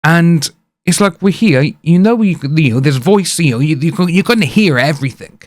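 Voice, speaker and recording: Man, British accent, casual reaction commentary, slightly high voice, dry close sound. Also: animated, normal speed, no room sound. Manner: chatty, rambling, acts out quotes. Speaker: reaction video host.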